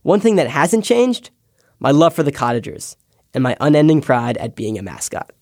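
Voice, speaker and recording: A young man, a podcast intern, reading a scripted personal essay with wry, deadpan asides. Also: fairly high pitch, normal speed, no echo, studio quality. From United States. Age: young adult.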